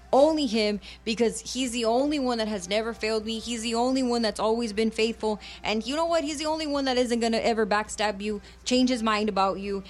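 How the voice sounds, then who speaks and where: A woman preaches on a radio ministry program in a fervent, conversational way, moving between English and Spanish. Her voice sits a little high, and soft music plays faintly behind her. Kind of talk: bilingual preaching and encouragement.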